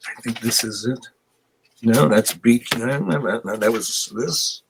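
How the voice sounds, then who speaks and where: A man's voice: mid-range voice, measured pace, background noise. A man in his sixties, a guest musician, telling stories in a casual interview with a rambling, self-deprecating manner.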